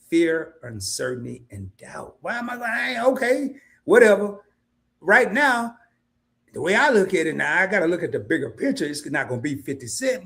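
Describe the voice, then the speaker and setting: A man with a gravelly, somewhat bright voice hosts an investing livestream casually and colloquially, calling his viewers "y'all." He mimics worried investors in a high voice.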